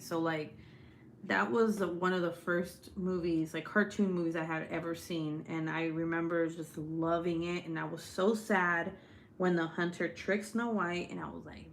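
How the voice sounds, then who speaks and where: A woman's voice: fairly low pitch, a little hiss or hum. A woman chatting casually with her viewers during a live stream, talking loosely, laughing a lot and swearing freely. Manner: chatty and profane, laughs often. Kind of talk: casual chat.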